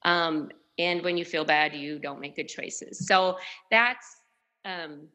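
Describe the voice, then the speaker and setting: A woman guest on a podcast who works in education, calmly explaining her ideas. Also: sits low, slow pace, rough recording. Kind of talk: casual conversational interview.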